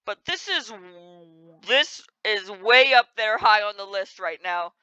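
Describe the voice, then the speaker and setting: A woman's voice: medium pitch, expressive, slow pace, sharp tone, clean tone, no echo, dull audio. A young woman playing a video game, commenting expressively and in exasperation, often breaking into laughter. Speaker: gamer. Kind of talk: let's play commentary.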